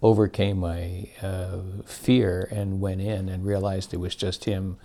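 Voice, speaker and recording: Older man, deep and gravelly, telling childhood stories in a loose, wandering way. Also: flat delivery, a little slow, dark tone. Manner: rambling, self-correcting, chuckling. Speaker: storyteller. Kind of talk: casual reminiscence.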